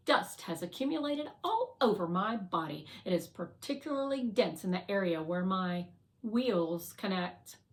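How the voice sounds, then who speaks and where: A woman narrating a children's novel aloud in a slow, clear, deliberate reading. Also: medium pitch, a bit bright. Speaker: read-aloud reader.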